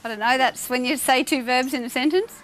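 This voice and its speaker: An Australian woman hosting a live call-in television quiz, chatty and playful and quick to laugh. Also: high-pitched, a bit bright, slight background noise. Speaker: quiz show host. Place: television studio.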